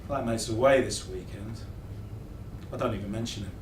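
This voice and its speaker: A man's voice: lowish voice, normal speed. A young man acting a reflective theatrical monologue in a wry storytelling way, recorded in a rehearsal room. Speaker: actor. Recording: echoey room, distant mic, noise.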